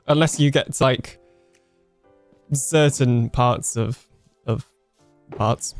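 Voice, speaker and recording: In a dry recording with faint music behind him, a young British male streamer talks very slowly in a mid-range voice. Casual and chatty, he reads chat comments aloud on his live stream, laughs easily and often, and trails off mid-sentence.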